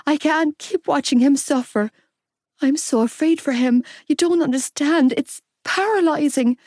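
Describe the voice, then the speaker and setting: A woman's voice: high voice, a little slow, a little mellow, dry recording, pitched above the performer's own voice. A woman voicing a heartbroken, fiercely loyal young woman close to tears in an audiobook. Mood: anguished. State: crying.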